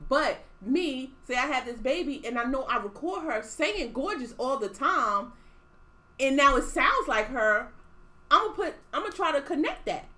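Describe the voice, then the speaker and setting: Lively high-voiced woman co-host. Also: moderate pace. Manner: conversational, reasons through hypotheticals. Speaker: podcast co-host. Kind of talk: casual chat.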